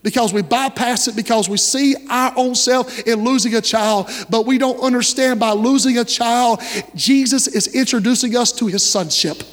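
Brief: thirties male pastor, very high voice, folksy animated sermon, long church echo. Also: normal speed. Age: 30s. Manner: folksy storytelling preacher, animated, asks listeners directly.

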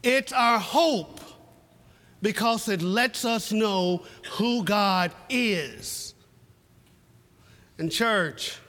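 A man's voice: high voice, very slow, pauses often, sharp tone, in a large hall. A man preaching a sermon to a church congregation, telling a folksy, repetitive story with humor. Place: church sanctuary.

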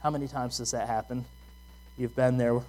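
A pastor preaches a sermon in a casual, conversational way, sharing personal stories and posing rhetorical questions to his listeners. His medium-pitched voice is darkish in tone, with little pitch movement and a moderate pace.

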